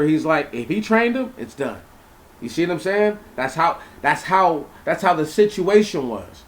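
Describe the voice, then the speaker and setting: A young man with a somewhat high voice reads old scripture verses aloud, then stops to explain them in a loose, conversational way. He repeats words, restarts his sentences and keeps checking that his listeners follow him. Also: moderate pace. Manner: animated, repeats words, asks listeners questions. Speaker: Bible teacher. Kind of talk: informal Bible reading and commentary.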